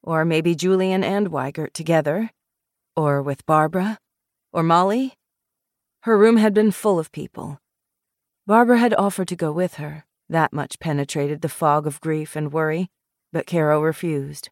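A woman narrates a novel in measured, expressive scripted narration. Her voice sits low. The recording is dry and close on a studio mic. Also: dry recording. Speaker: audiobook narrator.

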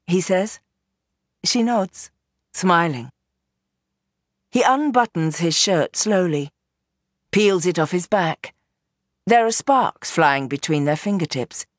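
A woman narrating a novel as an audiobook in an expressive, dramatic reading. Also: on the low side, takes it slowly, pauses often, dry recording, studio quality. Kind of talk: scripted narration.

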